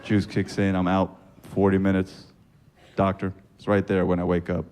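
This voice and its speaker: A man doing profane stand-up comedy storytelling, with a deadpan delivery and sudden squeaky high-pitched punchlines. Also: normal speed. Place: comedy club stage with laughing audience. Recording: live club recording with audience noise.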